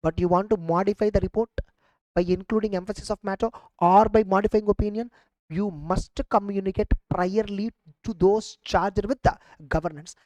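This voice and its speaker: A woman's voice: medium pitch, steady tone, normal speed, a little mellow, no echo, poor audio. A woman with an Indian English accent giving an online exam revision lecture, stressing and repeating key points and asking the class rhetorical questions. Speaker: exam coaching teacher.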